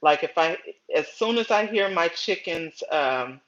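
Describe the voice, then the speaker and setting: A middle-aged woman hosting a casual gardening livestream, chatty and storytelling, often pausing to greet viewers by name. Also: on the low side, lively intonation, highs cut off.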